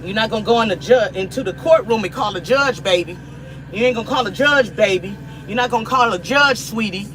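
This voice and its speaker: A middle-aged American woman hosts a cooking livestream, addressing viewers in an emphatic, repetitive, preachy way. Her voice is medium in pitch and fairly quick, and there's background noise.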